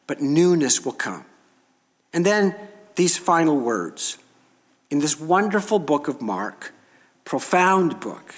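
A man preaching a sermon, slow and emphatic, leaning into dramatic pauses. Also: a little high, very animated, in a large hall.

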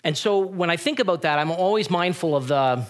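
A middle-aged man preaching a sermon, telling stories with animated energy and acting out the voices of the people in them. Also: on the high side, brisk. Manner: animated storytelling, acts out voices in retellings. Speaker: pastor.

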